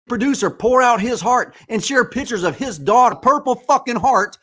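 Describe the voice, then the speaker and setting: A podcast host in his forties pours out an angry, impassioned monologue, swearing often. His voice sits high for a man. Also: animated, a little slow, bright, forceful tone. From United States. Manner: angry, profane ranting.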